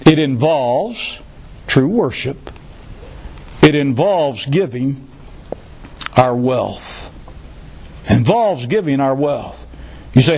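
A man's voice: mid-range voice, animated, extremely slow, pauses often, darkish tone, slightly rough. A male pastor preaching a sermon, who repeats key phrases for emphasis and adds joking asides.

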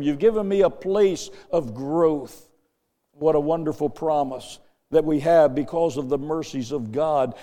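A man's voice: a little high, warm tone. Older male pastor in an echoing hall. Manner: repeats words, swells and drops in volume. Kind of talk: sermon.

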